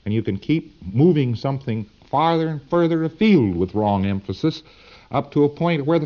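A man's voice: mid-range voice, lively intonation, moderate pace, dull audio. A man giving a lecture to students in a folksy, emphatic, digressive way.

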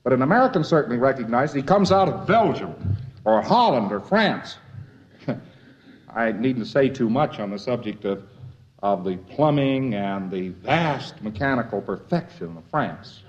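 A man's voice: mid-range voice, very animated, a little slow. A man giving a lecture in a folksy, wry, rambling way. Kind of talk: lecture to a live audience. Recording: dull lo-fi old lecture tape.

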